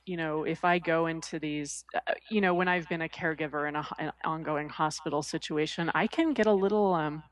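A woman talking casually in a conversation, telling lively stories and slipping into voices for the people in them. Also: lowish voice, no echo. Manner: animated storyteller who acts out quoted voices.

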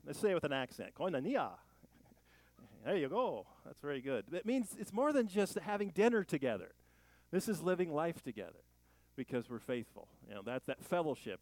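A man preaching a relaxed, conversational sermon as a pastor, with folksy jokes and rambling asides. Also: mid-range voice, dry recording, rough recording.

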